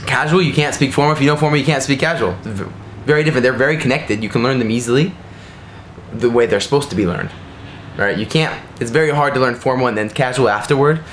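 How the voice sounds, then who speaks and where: A man's voice: medium pitch, a little hiss or hum. A man teaching in a casual, frank way, often tagging his sentences with "right?". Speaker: Japanese teacher answering a viewer question. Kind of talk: casual video lesson. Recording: roomy echo, faint ambience.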